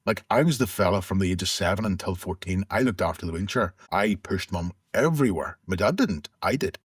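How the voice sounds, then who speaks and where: Low husky man, reflective. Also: expressive, a little fast, dry recording, clean studio sound. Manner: reflective, conversational, with restarts. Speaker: interview guest. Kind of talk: candid personal storytelling.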